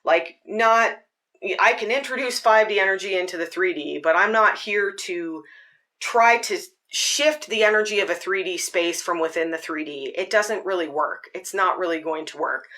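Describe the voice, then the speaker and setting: A woman's voice: on the low side, moderate pace, pushed and bright. A woman hosting a podcast, talking earnestly and at length about her spiritual path, with a lot of "like" in her speech. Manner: earnest, rambling, with filler "like". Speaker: podcast host. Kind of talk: reflective spiritual monologue.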